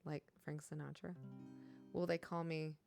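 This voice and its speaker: A woman's voice: sits low, little pitch movement, measured pace, gravelly, a little mellow, faint music behind. A middle-aged woman with a Kentucky Southern accent, chatting casually and giggling with her live-stream viewers.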